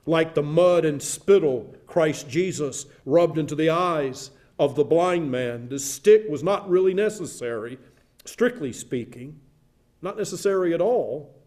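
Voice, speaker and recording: Older male pastor, warm mellow tone, earnest sermon delivery that builds through repetition. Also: a little high, lively intonation, measured pace. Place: church sanctuary.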